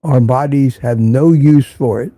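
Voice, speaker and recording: Reading out viewer comments on his casual livestream, an older man offers blunt opinions and tends to repeat them to drive the point home. His voice is mellow and medium-pitched, his pace unhurried, and there's no room sound.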